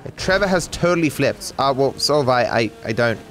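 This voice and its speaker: A man's voice: mid-range voice, lively intonation, fairly quick, noisy background. An Australian man giving sarcastic, swearing live commentary on a game as a streamer, talking to his chat.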